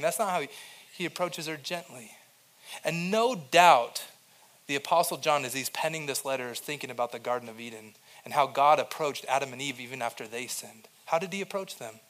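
With a fairly high voice and a slightly fast pace, a young male pastor delivers a conversational sermon. He moves from quiet, gentle stretches to loud, emphatic points.

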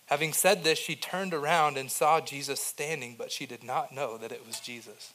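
A young adult male pastor preaching a sermon in a conversational way, moving between soft, quiet passages and emphatic, louder points. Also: medium pitch, fairly even intonation, moderate pace, few pauses.

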